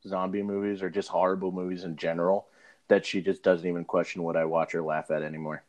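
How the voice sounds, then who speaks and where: Low-voiced man defending a movie. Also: flat delivery, quick pace, a little mellow, dull audio. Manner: defensive, stubborn then conceding. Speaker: podcast co-host. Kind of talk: casual movie-review chat.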